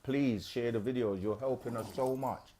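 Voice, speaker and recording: A man hosting a live question-and-answer stream, explaining things in a loose, unhurried way with plenty of fillers. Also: mid-range voice, fairly even intonation, mellow, slight background noise. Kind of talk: casual explanatory talk.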